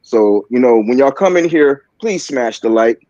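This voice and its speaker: A man's voice: mid-range voice, expressive, darkish tone, no room sound, muffled recording. A man with a Baltimore accent giving casual, joking sports opinions, full of fillers and restarts. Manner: halting, filler-heavy, joking. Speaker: panelist on a sports talk stream.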